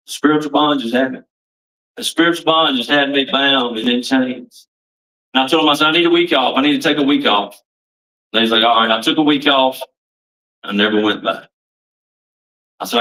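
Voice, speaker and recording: A man's voice: medium pitch, moderate pace, pauses often, bright, forceful tone, distant mic, poor audio. A man giving a plain-spoken, emphatic personal testimony at a recovery meeting, repeating himself for weight.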